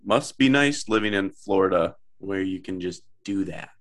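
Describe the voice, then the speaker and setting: Low, lively-voiced young man from Minnesota. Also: moderate pace. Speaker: podcast co-host. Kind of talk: casual chat.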